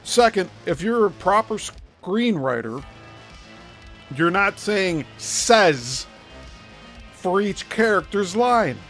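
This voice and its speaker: A man's voice: high voice, lively intonation, slow pace, a bit bright, faint music behind. A male host giving critical commentary on a played clip, explaining his points step by step.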